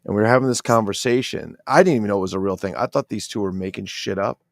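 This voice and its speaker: A middle-aged man with a New Jersey accent hosts a casual livestream, excitable and profane, rambling as he reads out chat comments. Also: on the low side, fast talker, vocal fry, no room sound, clean studio sound. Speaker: toy collector livestream host.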